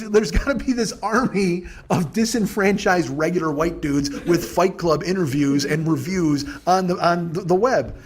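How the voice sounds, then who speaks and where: A man's voice: high voice, breathy edge. A man in his fifties hosting a podcast, ranting in a profane, self-deprecating comic monologue. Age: 50s. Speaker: podcast host. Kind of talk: casual comedic monologue.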